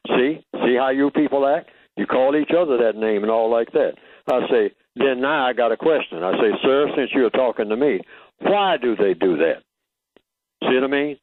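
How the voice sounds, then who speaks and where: A man's voice: mid-range voice, no room sound. Older guy preaching his point down a phone line, lots of "what's the key term?", dry and tinny. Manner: emphatic, rhetorical questions, teacherly. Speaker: guest. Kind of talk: radio interview talk.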